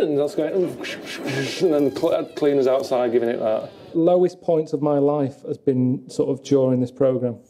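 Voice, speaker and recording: A man moaning in a deadpan, glum way about his travels, talking to camera and to his friends. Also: mid-range voice, normal speed, crowd noise. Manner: glum, grumbling, deadpan complaints. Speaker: travelling presenter. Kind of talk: documentary monologue and chat. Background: music.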